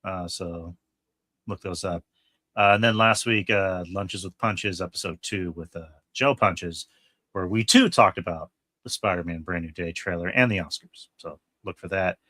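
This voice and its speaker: Male podcast host, lowish voice, dry close mic, loose and rambling. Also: normal speed, pushed and bright, no echo. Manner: rambling, many fillers and restarts. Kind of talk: casual podcast chat.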